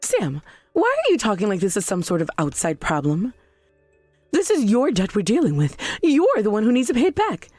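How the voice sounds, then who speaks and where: A woman's voice: mid-range voice, wildly swooping pitch, moderate pace, a little mellow, no room sound, soft background music. A woman voicing an indignant, defensive middle-aged mother in a text-message story drama. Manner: indignant, demanding.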